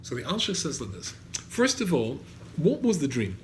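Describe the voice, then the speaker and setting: Speaking at normal speed in a slightly high voice with huge swings in pitch, a male rabbi gives an animated Torah lecture to students. He cites Hebrew verses, translates them and asks the class questions. The recording has an echoey room and faint background noise.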